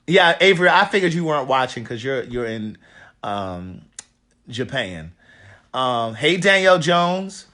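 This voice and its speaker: A raspy-voiced man from Maryland, an author hosting a casual livestream from a hotel room and greeting viewers by name. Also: mid-range voice, fairly bright tone.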